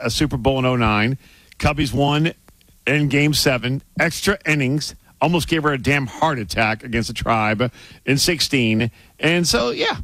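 A man co-hosting a sports radio show, talking in a casual, excitable way and repeating himself when he gets worked up. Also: mid-range voice, dry recording. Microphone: studio microphone.

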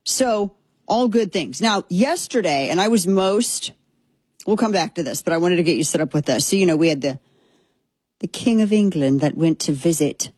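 Husky woman hosting political commentary. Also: fairly low pitch, lively intonation, normal speed, darkish tone, no room sound. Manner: conversational, many restarts and asides, wry.

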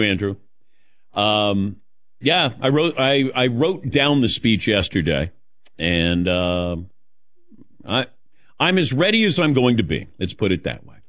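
A man's voice: medium pitch, fairly bright tone, no echo. A man hosting a call-in sports radio show, rambling and emotional as he tells a story. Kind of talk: casual call-in talk.

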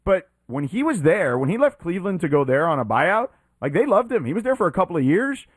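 A man's voice: high voice, big pitch swings, fast, husky, no room sound, studio quality. A man co-hosting a casual sports talk show, arguing his point emphatically. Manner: emphatic, argumentative, rising when pressed. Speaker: sports podcast co-host. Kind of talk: casual debate.

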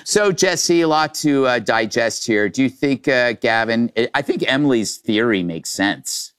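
Male host with an animated, bouncy delivery; playful needling of panelists. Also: medium pitch, unhurried, smooth. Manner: teasing, mock-outraged. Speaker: talk show host. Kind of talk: joking panel banter.

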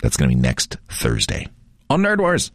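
A man's voice: a bass voice, wildly swooping pitch, normal speed. A man hosting a radio show, chatting casually in a jokey, rambling, self-deprecating way. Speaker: radio host.

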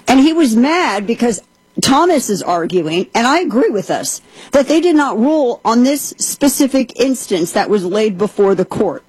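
Husky, emphatic woman talk host. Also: on the high side, lively intonation, moderate pace, darkish tone, no echo, low-quality recording. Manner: emphatic, indignant, quotes at length. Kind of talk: opinion commentary and host-read ad.

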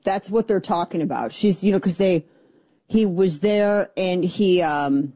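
A woman's voice: on the low side, a little slow, warm tone, no echo. A middle-aged woman hosting a political radio talk show, chatty, opinionated and sarcastic. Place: radio studio.

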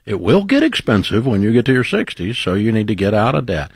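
A man's voice: fairly low pitch, sing-song, brisk, vocal fry, slightly rough, no room sound, clean studio sound. A man hosting a call-in advice radio show, questioning callers bluntly with teasing humor. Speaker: radio talk show host.

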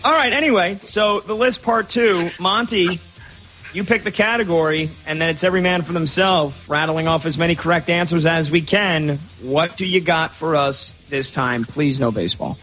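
A man's voice: fairly high pitch, moderate pace, pushed and bright, faint music behind. A man hosting a sports radio show in a studio, chatty and opinionated with a playful streak. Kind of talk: casual sports talk. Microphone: studio microphone.

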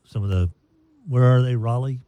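A man's voice: medium pitch, normal speed, warm tone, clean tone, no room sound, highs cut off. A man co-hosting a radio show in casual, rambling, joking chat. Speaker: radio host.

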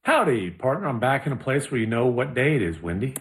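A man's voice: mid-range voice, expressive, quick pace. A man co-hosting a podcast, explaining things in an easygoing, casual chat. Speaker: podcast co-host.

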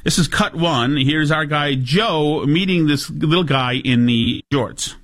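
A man hosting a talk radio show, delivering sardonic, digressive commentary with filler pauses. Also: on the high side, fairly bright tone.

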